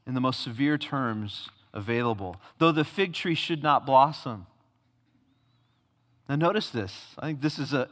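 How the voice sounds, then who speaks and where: A male pastor preaching a sermon, emphatic, swinging from loud declarations to hushed tones. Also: on the high side. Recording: long hall reverb.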